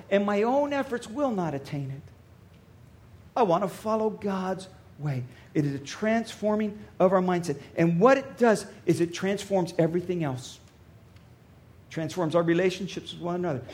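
A male pastor preaching a sermon, telling a story and dropping to a soft voice for emphasis. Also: high voice. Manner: storytelling, varies loudness for emphasis.

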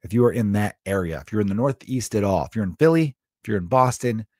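A man's voice: lowish voice, lively intonation, quick pace, darkish tone, no room sound, studio quality. A man in his thirties hosting a podcast, rambling and joking in a casual monologue, swearing freely. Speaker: podcast host.

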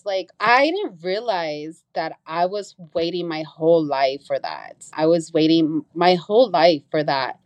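A woman's voice: measured pace, hardly any pauses, no room sound. A young woman telling a personal story in a casual, earnest way as an interview guest. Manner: animated, acts out quoted voices with big pitch jumps; earnest, reflective.

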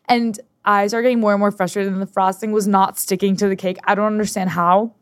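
A woman's voice: mid-range voice, quick pace, few pauses, dry recording, clean studio sound. A woman in her twenties co-hosting a podcast, chatting casually and acting out quotes as she tells stories. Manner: animated storytelling, acts out quotes. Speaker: podcast co-host. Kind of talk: casual chat.

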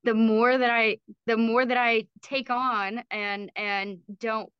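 A woman's voice: fairly high pitch, flat delivery, takes it slowly, clear, resonant tone, dry recording, muffled recording. A woman guest on a podcast, speaking earnestly and openly and laughing easily. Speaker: podcast guest, small business owner. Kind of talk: casual interview chat.

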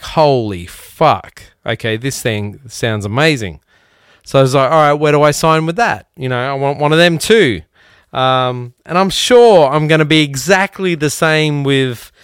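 A man's voice: medium pitch, fairly bright tone, clean tone, no echo, clean studio sound. Rambling, profane podcast host man. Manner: rambling and profane, with self-mocking laughs. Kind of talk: casual chat.

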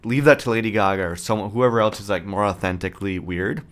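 A man in his thirties talks on his own podcast in a lowish voice. He rants with plenty of swearing and dry sarcasm. His delivery stays fairly monotone throughout. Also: quick pace. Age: 30s. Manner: profane, ranting, sarcastic; self-described monotone delivery. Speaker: podcast host. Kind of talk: casual solo podcast rant.

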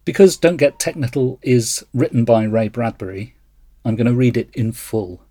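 A man's voice: medium pitch, normal speed, warm tone, dry recording. A man hosting a podcast, explaining thoughtfully and reading a story aloud. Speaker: podcast host.

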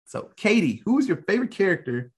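A man tells a movie plot with big swings in pitch and a husky, breathy tone. He talks animatedly, swears freely and laughs through the retelling as a podcast host. His voice sits fairly high for a man. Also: big pitch swings, fast talker. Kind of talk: casual movie recap.

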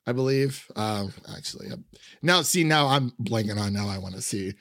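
A man's voice: medium pitch, lively intonation, moderate pace, a bit bright, dry recording, clean studio sound. A man chatting casually about a film, rambling with many fillers and frequent laughs. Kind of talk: casual film review chat.

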